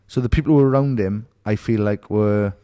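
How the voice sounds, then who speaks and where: Brisk and mellow, this middle-aged man's lowish voice has a clear, resonant tone and a Welsh accent from Merthyr Tydfil in Wales. Appearing as a podcast guest, he spins stories in relaxed conversation, swearing freely and voicing the people he quotes.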